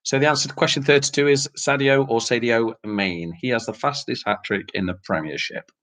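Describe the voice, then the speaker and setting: A man runs a relaxed quiz night, reading each question and answer aloud in an easygoing, chatty manner. His voice sits at an ordinary middle pitch, and he slips in laughs and mild swearing. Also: fairly quick. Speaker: quiz host.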